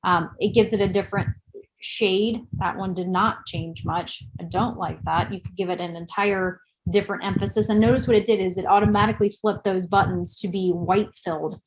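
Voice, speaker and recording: A woman's voice: medium pitch, fairly even intonation, normal speed, slight background noise, rough recording. Chatty woman presenting a webinar. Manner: chatty, self-deprecating, thinks aloud while clicking. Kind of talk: live screen-share webinar tutorial.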